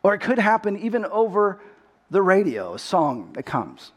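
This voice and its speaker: A middle-aged male pastor from Texas delivers a sermon in a noticeably high voice. He tells his story earnestly and often repeats the first word of a phrase as he goes. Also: wildly swooping pitch, normal speed.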